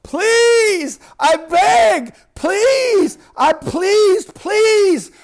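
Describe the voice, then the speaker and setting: A man voicing a drunk arrested man who keeps begging to plead the fifth in a high, shouting whine. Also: expressive, extremely slow, heavily acted. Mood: pleading wildly.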